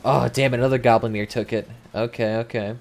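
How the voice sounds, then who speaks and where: A man's voice: medium pitch, fairly even intonation, brisk, vocal fry, a little hiss or hum. Chatty young man streaming a game. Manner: chatty, swears freely, reads chat aloud. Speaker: gaming livestreamer. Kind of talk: casual live commentary while playing.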